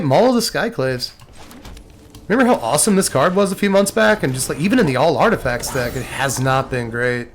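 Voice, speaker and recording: A man commenting casually on his own online card game, talking to himself and ranting in exasperation when plays go wrong. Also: fairly high pitch. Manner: animated, talks to himself and the game, exasperated rants. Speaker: gameplay streamer.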